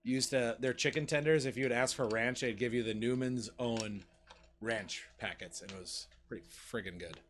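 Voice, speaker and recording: A man co-hosting a casual gambling stream, loud and rambling, swearing freely as he chats with friends. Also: mid-range voice, moderate pace, very noisy. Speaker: podcast co-host. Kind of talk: casual banter while playing slots.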